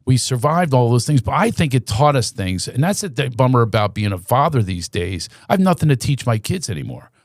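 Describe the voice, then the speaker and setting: A man, a comedian guest in a casual podcast chat, an animated storyteller who slips into voices. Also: mid-range voice, fairly quick, few pauses, no room sound, studio quality.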